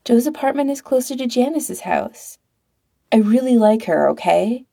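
A woman doing a gentle, patient young man. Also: fairly high pitch, lively intonation, moderate pace, creaky, pitched above the performer's own voice.

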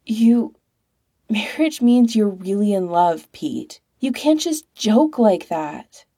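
A woman's voice: medium pitch, expressive, slow pace, warm tone, husky, pitched above the performer's own voice. A woman reading as a flustered young man. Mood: pleading.

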